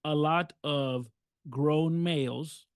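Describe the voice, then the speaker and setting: Male podcast co-host, high voice, dry close sound, earnest and repetitive. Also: fairly even intonation, slow, clear, resonant tone, dry recording. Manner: earnest, repetitive emphatic phrasing. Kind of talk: casual podcast discussion.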